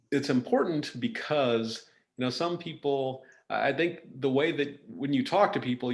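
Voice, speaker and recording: A man hosting a podcast who talks in a loose, casual way and often circles back to restart his sentences. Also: medium pitch. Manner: loose and rambling, with many restarts. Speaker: podcast host. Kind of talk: casual conversational chat.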